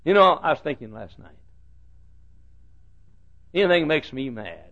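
A man, his pitch high for a man, thunders through a fundamentalist sermon. His voice leaps all over, hushed one moment and shouting the next. The recording is dull and lo-fi, like an old tape. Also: lively intonation, unhurried. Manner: shouting, dramatic swings from hushed to yelled. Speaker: preacher.

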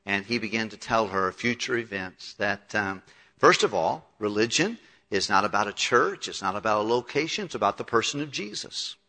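A man's voice: lowish voice, animated, moderate pace, sharp tone. A male pastor preaching a sermon, retelling scripture with conversational acted-out dialogue. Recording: long hall reverb.

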